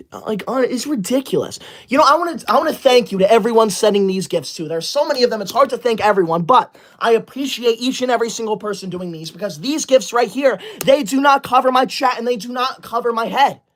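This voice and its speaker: A man's voice: very high-pitched, expressive, fairly quick, a bit bright. A man playing a self-righteous teacher's-pet livestreamer in a comedy skit, scolding his viewers indignantly. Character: smug young male teacher's-pet streamer, bossy. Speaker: livestreamer character.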